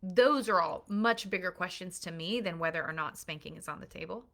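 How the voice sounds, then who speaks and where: A woman's voice: fairly low pitch, fairly quick, a bit bright. A woman parenting coach giving an earnest, emphatic recorded lesson built on analogies.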